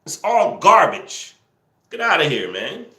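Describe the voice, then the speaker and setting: A man hosting a live stream, teasing viewers and scolding trolls in the chat, sometimes yelling excitedly. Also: fairly high pitch, a little slow, roomy sound. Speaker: livestream host. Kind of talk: casual live-stream commentary, talking to the chat.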